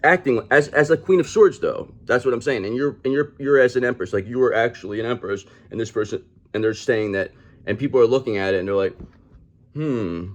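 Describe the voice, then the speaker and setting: A man's voice: medium pitch, fast. A man giving a casual tarot reading to camera, calling the listener "brother" and repeating his points. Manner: acts out other people in mocking quoted voices. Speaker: tarot reader.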